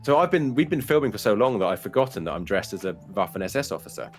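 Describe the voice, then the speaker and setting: Man, low voice, casual storyteller, swears a lot, laughs through his story, faint music behind. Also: lively intonation, fast. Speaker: guest, streamer. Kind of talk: casual anecdote telling.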